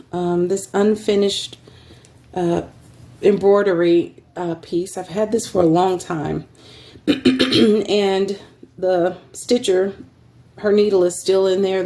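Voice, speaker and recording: A woman casually showing craft fabrics she is selling, rambling with many ums and throat clearing, recorded on a phone. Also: medium pitch, mellow. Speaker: craft seller. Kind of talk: casual show-and-tell selling craft supplies.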